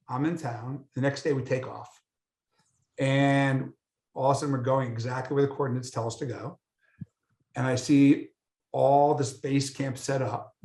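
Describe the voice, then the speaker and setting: An American man, a guest photographer, telling stories in a casual interview and acting out the dialogue. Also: medium pitch. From United States. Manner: animated storyteller, acts out dialogue. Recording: roomy echo.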